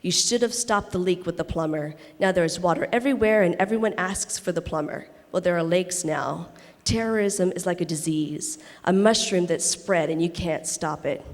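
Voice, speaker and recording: A woman's voice: on the low side, normal speed, natural voice. A woman reading a monologue aloud, voicing a blunt, opinionated Israeli woman veteran who lectures with rhetorical questions. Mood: insistent. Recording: reverberant convention hall.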